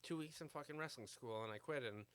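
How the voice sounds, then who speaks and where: A man's voice: mid-range voice, quick pace, a bit bright, smooth. A man in his thirties ranting casually to camera. He rambles, curses freely and fills his talk with "uh" and "like". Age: 30s. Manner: profane, rambling, full of fillers. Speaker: vlogger.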